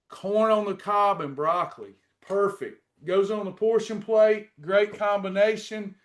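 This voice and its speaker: A middle-aged man teaching a faith-based weight-loss lesson, preachy and repetitive as he encourages his class. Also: high-pitched. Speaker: weight-loss program coach.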